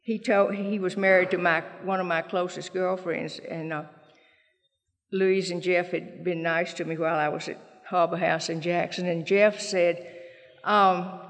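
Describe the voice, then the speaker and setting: A woman's voice: on the low side, level tone, moderate pace, long reverb tail. A woman with a Southern US accent, from Mississippi, tells her recovery story to a meeting in a folksy way and acts out what other people said. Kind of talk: personal testimony at a meeting.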